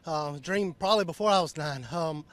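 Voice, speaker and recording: A man's voice: a little high, fairly quick, a bit bright, no room sound. A young man, a drag racer, giving an emotional winner's interview and fighting back tears in a played clip.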